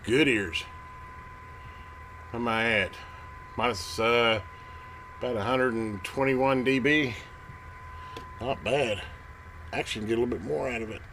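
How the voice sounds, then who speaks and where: A man hosting a radio repair video, chatting casually and excitedly to viewers as he tests and works at his home workbench. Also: mid-range voice, moderate pace, long pauses, slight background noise. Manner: excited, rambling, talks to viewers while working. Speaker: radio repair channel host. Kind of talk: casual hands-on workbench narration.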